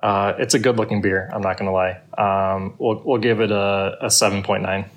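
A man's voice: lowish voice, fairly even intonation, normal speed. A man guesting on a podcast, chatting casually and easily during a beer review.

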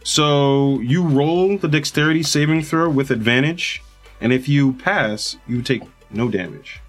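A man's voice: mid-range voice, a little slow, faint music behind. A man acting as game master, describing the scene and calling on players in a casual tabletop session.

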